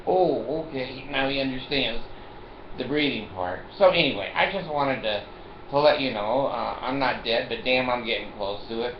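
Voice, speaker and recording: A man's voice: mid-range voice, normal speed, slight background noise. An older man in a casual monologue to the camera, rambling and joking and laughing often. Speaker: vlogger. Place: at home in a chair. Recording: roomy, dull home recording.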